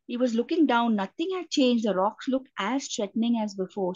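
A woman's voice: on the high side, brisk, a little mellow, dry recording. An Indian woman preaching a sermon, earnest, often restarting her sentences with fillers. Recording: dull lo-fi, dry sound.

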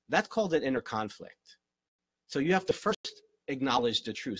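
A man's voice: medium pitch, big pitch swings, normal speed, a bit bright, slightly rough, no room sound. A man, a relationship coach, answers viewers' questions in an earnest, encouraging live-stream Q&A and repeats his key phrases. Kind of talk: live-stream Q&A, motivational advice.

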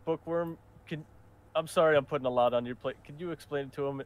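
A man's voice: a little high, quick pace, natural voice. A man voicing a caring young man who soothes a crying friend in a tabletop role-play. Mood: soothing. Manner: gentle, soothing.

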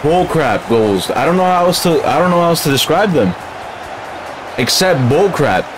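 A man's voice: fairly high pitch, lively intonation, moderate pace, over music. A man streaming a game live, grumbling in casual slang and calling his listeners bro.

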